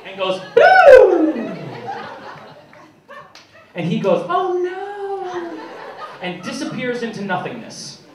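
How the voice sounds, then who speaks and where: High-voiced young comic in an echoey club. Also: male voice. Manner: animated, profane, self-mocking. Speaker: stand-up comedian. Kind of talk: stand-up comedy routine. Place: comedy club stage. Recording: echoey comedy club, distant mic, loud crowd. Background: loud audience laughter.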